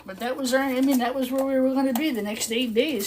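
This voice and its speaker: A woman's voice: a little high, very fast. An older woman hosting a live stream, telling a long story in a casual, chatty way and laughing often. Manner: chatty, laughs often, animated when quoting others. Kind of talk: casual storytelling while working. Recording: clear background noise with clicks.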